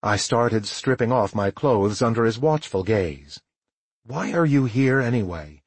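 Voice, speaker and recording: A man narrating a first-person audiobook in a measured, tired storytelling manner with a husky voice. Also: mid-range voice, animated, no room sound.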